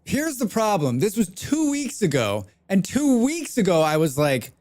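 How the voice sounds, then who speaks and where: A man's voice: high-pitched, huge pitch swings, a little slow, darkish tone. A man livestreaming a game, chatting casually and rambling with plenty of swearing while reacting to chat. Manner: rambling, profane, reads chat aloud.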